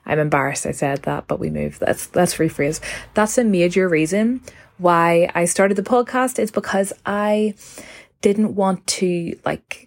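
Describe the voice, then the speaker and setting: A woman in her mid-twenties chatting alone into her phone for her podcast. Her voice sits a little low for a woman. She rambles, fills her talk with "like" and keeps correcting herself. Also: measured pace. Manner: chatty, rambling, heavy use of "like", self-correcting. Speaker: podcast host. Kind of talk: casual solo podcast chat.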